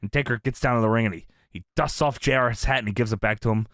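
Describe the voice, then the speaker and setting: A man's voice: mid-range voice, fast talker, no echo, studio quality. A man co-hosting a wrestling podcast, recapping an old episode in a casual, joking way and acting out the quotes. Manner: animated, laughing, acting out quotes.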